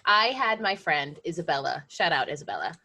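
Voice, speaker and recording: A woman co-hosting a casual podcast, ranting in a profane, fast-talking way. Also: low-pitched, very animated, pushed and bright. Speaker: podcast co-host. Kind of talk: casual chat.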